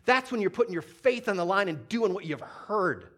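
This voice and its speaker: High-voiced man preaching a sermon. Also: expressive, normal speed, a bit bright. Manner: storytelling with laughs, voices for the dog and God.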